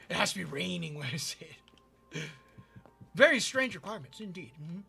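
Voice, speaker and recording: High, bright rambling streamer man. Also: lively intonation, normal speed, creaky, slightly rough, soft background music. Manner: rambling, repeats himself, stumbles over words. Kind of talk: casual storytelling while gaming.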